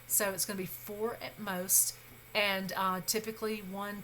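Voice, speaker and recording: Bright-voiced woman teaching a grammar lecture. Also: medium pitch, flat delivery, a little slow, slight background noise, poor audio. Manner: patient, reassuring, with frequent um fillers and self-corrections. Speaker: Hebrew grammar instructor. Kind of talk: recorded lecture.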